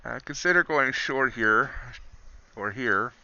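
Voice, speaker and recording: A man talks through his trades live, thinking aloud and greeting viewers by name. His voice is very bright and forward, and a dull, lo-fi stream recording takes the edge off the sound. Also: mid-range voice, animated, slow pace, no room sound. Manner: reads news aloud in an announcer tone. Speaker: livestream trader. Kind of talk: casual live-stream commentary.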